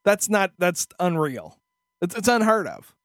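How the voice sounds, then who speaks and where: A man's voice: high-pitched, very animated, a little slow, a bit bright, no room sound, clean studio sound. A man co-hosting a podcast, telling a story as a profane, exasperated rant in casual chat. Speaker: podcast co-host.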